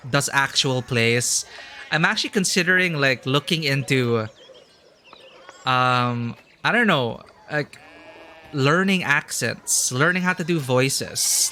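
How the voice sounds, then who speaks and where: A man's voice: medium pitch, pushed and bright, slight background noise. A man streaming a story game, chatting casually and thinking aloud with lots of fillers. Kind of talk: casual live-stream chat.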